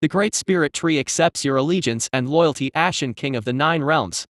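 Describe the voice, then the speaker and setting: A man's voice: fairly high pitch, moderate pace, a bit bright, no echo, clean studio sound, lightly acted. A man reading as a weary demonic tree spirit. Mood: dignified. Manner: tries to sound dignified and grand.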